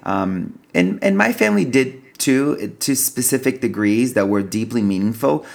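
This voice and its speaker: A man hosting a podcast, talking haltingly and hesitantly about a painful family matter. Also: mid-range voice, lively intonation, creaky. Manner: halting, hesitant, with many fillers. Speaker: podcast host. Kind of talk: podcast conversation.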